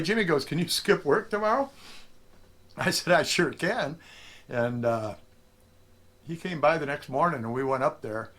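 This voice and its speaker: A middle-aged man, a prospecting vlogger, telling a story casually and acting out the lines of the people in it. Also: on the high side. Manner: animated storyteller, acts out quotes.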